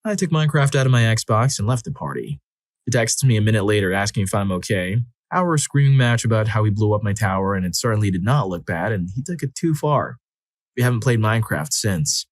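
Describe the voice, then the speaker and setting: A man with a fairly low voice narrates a string of short personal stories, reading them expressively and leaning into the drama. His voice is recorded close and dry, with no room sound around it. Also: expressive, a little fast, no room sound. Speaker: story narrator. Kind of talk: scripted narration of reader stories.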